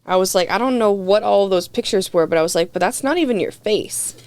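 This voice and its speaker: A young woman tells a story on a podcast in a loose, candid way. She swears freely and fills her talk with "like", and she acts out what people said. Her pitch sits in a middle range. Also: a little fast, darkish tone, no room sound. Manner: candid, profane, heavy "like" filler, acts out quotes. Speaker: podcast guest. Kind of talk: casual storytelling chat.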